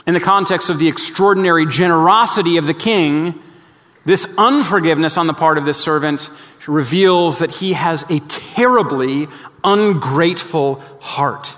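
A man delivers a sermon as pastor in a somewhat high voice, earnest and emphatic. He leans into his points and then falls to a soft, low tone to press them home. A long reverb from a large sanctuary trails after each phrase. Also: normal speed.

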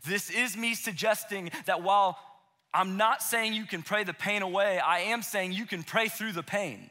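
A man in his thirties preaching a conversational sermon to young adults, acting out quoted voices and dropping to a hushed intensity for emphasis. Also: sits high, measured pace. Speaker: pastor. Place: church auditorium.

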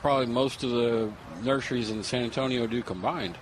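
A man's voice: medium pitch, fairly quick, slight background noise, poor audio. Matter-of-fact nursery man. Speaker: nursery manager guest. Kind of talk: casual radio chat.

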